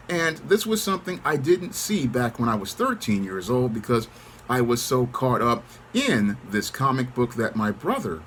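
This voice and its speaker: A middle-aged man delivers a steady monologue to camera, holding a calm, controlled manner and circling back to the same phrases. His pitch moves around a fair bit even as he keeps his composure. A faint hiss of background noise sits under the voice. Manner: repeats set phrases. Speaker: channel host.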